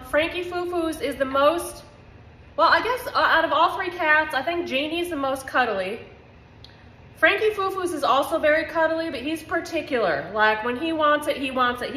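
A woman's voice: high-pitched, pushed and bright. A woman chatting upbeat to her viewers while she cooks at home, talking straight to the camera. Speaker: home cooking vlogger. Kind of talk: casual cooking demonstration. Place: home kitchen. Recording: echoey kitchen room.

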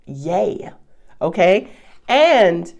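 A woman tarot reader with a Southern US accent, talking in a casual, excitable, profane way and laughing often. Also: on the low side, extremely slow, creaky.

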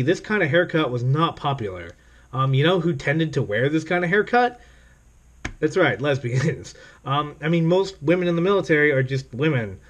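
Rambling sarcastic male comic reviewer. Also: a little high. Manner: rambling, sarcastic, full of fillers and laughs. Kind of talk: casual video commentary.

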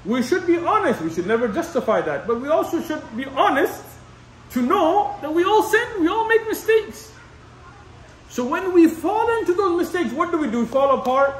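A man's voice: very high voice, big pitch swings, normal speed, a little hiss or hum. A man giving an Islamic lecture in a conversational, repetitive way, sprinkling in Arabic terms. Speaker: imam lecturer. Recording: echoey room, mic at a distance.

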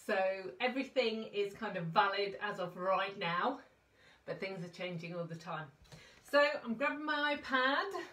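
A woman's voice: a little high, sharp tone, recorded from a distance. A woman from the UK hosting a casual craft live stream, out of breath and chatty, greeting viewers by name.

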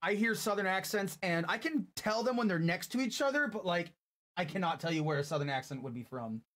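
High-voiced, profane male streamer. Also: expressive, fairly quick, a bit bright. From US West Coast. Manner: profane, rambling, chatting with viewers. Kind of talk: casual gaming stream chat.

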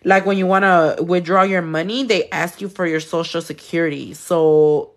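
A woman's voice: lowish voice, fairly even intonation, normal speed. Chatty, swearing woman streaming nails. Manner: chatty and swearing, answers viewer comments while working. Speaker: nail artist streaming live. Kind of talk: casual live-stream chat. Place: home nail studio.

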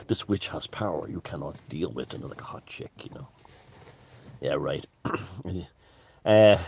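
A man's voice: rumbling low, creaky, darkish tone, breathy edge. A man giving a rambling, jokey monologue to his viewers, full of fillers and restarts. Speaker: vlogger. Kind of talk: casual monologue to camera.

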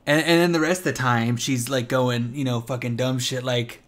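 A man's voice: mid-range voice, steady tone, moderate pace, fairly bright tone. A young man telling a story in casual, rambling gameplay commentary, swearing and laughing a lot. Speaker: gaming commentator. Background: game sounds and music.

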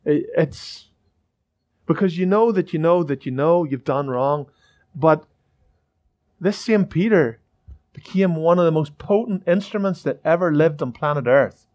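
A man's voice: on the high side, unhurried, pauses often, darkish tone, dull audio. A male pastor preaching a sermon in church, fervent and repetitive, with many restarts.

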